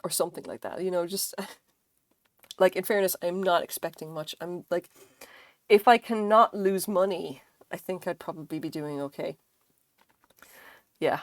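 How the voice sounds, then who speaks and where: A woman's voice: on the low side, moderate pace, pauses often, no room sound. A woman streaming live, chatting casually and rambling while she crochets, with lots of fillers and casual swearing.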